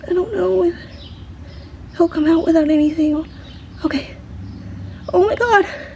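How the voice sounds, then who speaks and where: Filming a casual on-the-spot vlog on a handheld camera phone, a woman stands outdoors by a tree below an apartment. Her voice is extremely high, unhurried and warm with vocal fry and a little hiss or hum. Flustered and shaky, she breathes heavily, repeats herself and slips in and out of whispers.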